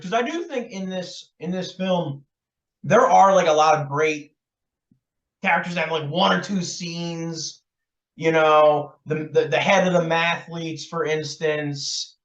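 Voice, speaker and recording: High-voiced chatty man, roomy distant sound. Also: a little slow, fairly bright tone, lo-fi sound. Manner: loose and chatty, many fillers and laughs. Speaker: podcast co-host. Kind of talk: casual chat about a film.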